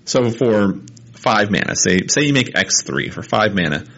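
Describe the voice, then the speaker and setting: A man's voice: fairly low pitch, animated, normal speed, creaky, fairly bright tone, lo-fi sound. A man co-hosting a podcast, chatting casually and explaining things with enthusiasm. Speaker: podcast co-host. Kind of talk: casual chat.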